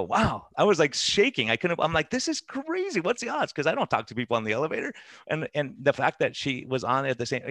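A fast-talking man, a doctor, telling stories in an interview and acting out the voices of the people in them. His voice sits in a middle pitch and is recorded dry and close, with almost no room sound. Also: no room sound. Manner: animated, laughing anecdotes with quoted voices. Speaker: physician guest. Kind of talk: conversational storytelling interview.

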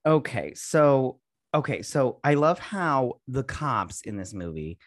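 Animated swearing man recapping a movie. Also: medium pitch, slow, dry recording, clean studio sound. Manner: animated, swears often, acts out scenes in exaggerated voices; frequent laughter and filler words. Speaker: podcast co-host. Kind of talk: casual movie recap chat.

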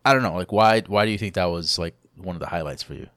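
A man co-hosts a casual gaming podcast, chatting about gaming news in a laid-back, curious way. His voice is deep and fairly bright, and he talks fast. The recording is studio quality with no echo.

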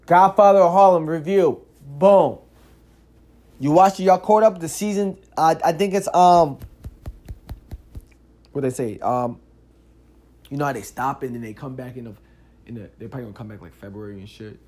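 A man hosting a casual solo podcast, telling stories in an animated, slangy way, cursing freely and filling his talk with "yo" and "like". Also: a little high, normal speed, long pauses. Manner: animated, slangy storytelling with frequent "yo" and "like"; curses freely. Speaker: podcast host.

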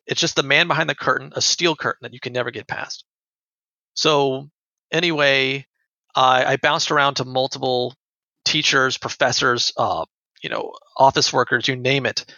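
A man's voice: medium pitch, normal speed, vocal fry, pushed and bright, no room sound. A young man earnestly telling a personal story in conversation, often repeating his words. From United States. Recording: dull lo-fi dry sound.

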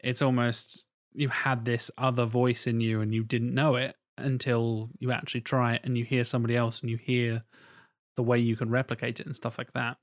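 A man's voice: mid-range voice, flat delivery, a little fast. A man chatting casually on a podcast, rambling and swearing while acting out quotes.

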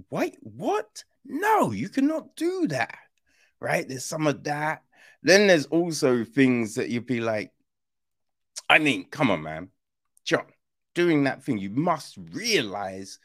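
A man talking casually as a podcast host, full of slang and cheerful swearing. His voice swings widely up and down while his delivery stays unhurried. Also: medium pitch. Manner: animated, swearing, slangy, laughs often. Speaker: podcast host, film reviewer. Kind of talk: casual chat.

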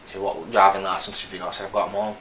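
The low-pitched, fairly bright voice of a Burnley army veteran in his thirties races along in a level tone, carrying a Lancashire accent from northern England. Speaking frankly as a guest in a casual interview, he rambles through his story with many restarts. Faint noise sits under an echoey room.

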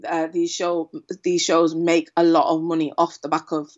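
Telling stories with lots of "right?" tag questions, a female copywriter speaks animatedly as a guest in a relaxed interview. She has a deep voice at normal speed, and the sound is lo-fi.

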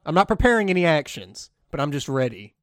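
A man's voice: fairly high pitch, big pitch swings, fast, a bit bright, no echo, clean studio sound. A man playing a tabletop game, describing his character's actions hesitantly with many fillers. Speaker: player. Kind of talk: casual tabletop game play.

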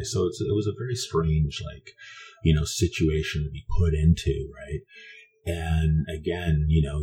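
A man's voice: extremely low pitch, dark tone. A man from Canada telling a personal story in a meandering, conversational way, often restarting his sentences.

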